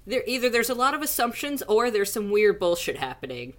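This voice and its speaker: A woman's voice: on the high side, sing-song, a little fast, hardly any pauses. A woman guest in casual podcast banter, chatty and swearing, with lots of fillers.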